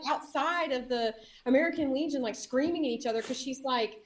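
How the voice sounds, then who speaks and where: A woman mayor in an interview, telling a story in a lively way, laughing and acting out what people said. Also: fast, hardly any pauses, rough recording. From Indiana, US. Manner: lively, laughing, acts out quotes with big pitch jumps. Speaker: mayor, guest.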